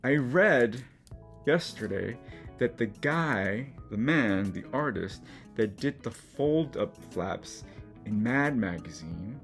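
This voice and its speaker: A man's voice: mid-range voice, expressive, takes it slowly, soft background music. A middle-aged man hosting a casual art vlog, chatty and encouraging, easily moved as he talks through his work. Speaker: collage artist and channel host. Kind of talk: casual studio vlog to camera.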